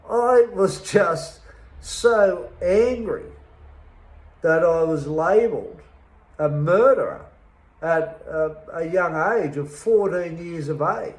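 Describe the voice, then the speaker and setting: Slow, emphatic Australian man. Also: on the high side, reverberant, rough recording. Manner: slow, emphatic, bitter, pausing often. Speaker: interviewee telling his life story. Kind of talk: personal testimony.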